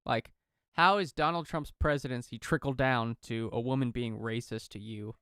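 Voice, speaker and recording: A man's voice: medium pitch, fairly even intonation, normal speed, bright, forceful tone, clear, resonant tone, no echo. A young man co-hosting a casual debate podcast, laid-back and skeptical with dry humor. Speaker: podcast co-host.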